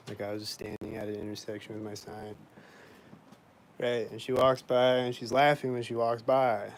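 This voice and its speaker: A man's voice: mid-range voice, a little hiss or hum, low-quality recording. A man vlogging in a casual, rambling monologue, indignant and complaining, filling his talk with "like" and frequent swearing.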